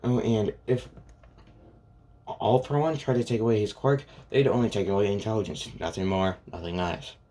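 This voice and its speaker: A man's voice: fairly low pitch, fairly even intonation, moderate pace, dark tone. A man casually retelling a fan story, rambling and filling gaps with "and yeah" and "pretty much".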